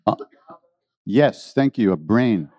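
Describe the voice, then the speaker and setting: Lively, mellow-voiced male storyteller. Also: fairly low pitch, slow, slightly rough, no room sound, studio quality. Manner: rambling, animated, laughs often. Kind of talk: storytelling talk to an audience.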